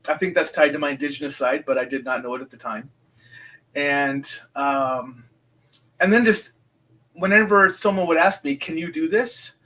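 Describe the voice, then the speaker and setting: A man's voice: on the high side, fairly bright tone, rough recording. A man in his fifties, a guest telling stories in a casual interview, rambling with many fillers and restarts and acting out what people said. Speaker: guest, psychic medium.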